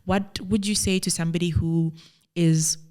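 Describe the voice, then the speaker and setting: A woman's voice: fairly low pitch, fairly even intonation, normal speed, a little mellow. A woman hosting a podcast, speaking in a reflective, affirming way with many filler phrases. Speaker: podcast host, life coach. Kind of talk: reflective conversational interview.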